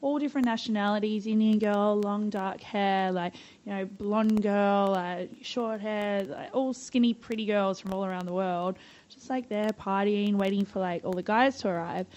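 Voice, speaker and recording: A woman's voice: medium pitch, steady tone, moderate pace, darkish tone, poor audio. An Australian woman, a guest on a podcast, telling stories in a bubbly, chatty way and swearing freely. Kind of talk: casual storytelling.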